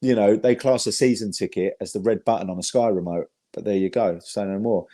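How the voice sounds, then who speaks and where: A man's voice: lowish voice, fairly quick, dark tone, no room sound. A man guest telling rambling, sweary fan anecdotes in casual chat, with an English accent. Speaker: podcast guest, football fan.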